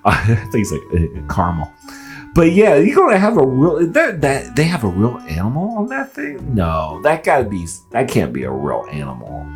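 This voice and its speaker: Guy reacting to clips, lively up and down voice, laughs a lot, stumbles and restarts, faint music under him. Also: mid-range voice, normal speed. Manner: animated, laughing, stammering restarts. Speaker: reaction video host. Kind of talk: casual reaction commentary.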